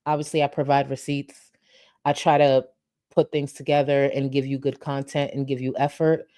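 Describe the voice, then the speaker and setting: A tired woman host winds down her video with rambling thanks to her viewers. Her voice is dark and mellow, and the sound is dry and close. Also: very deep voice, flat delivery, normal speed, no echo. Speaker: commentary channel host. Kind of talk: casual sign-off talk to viewers.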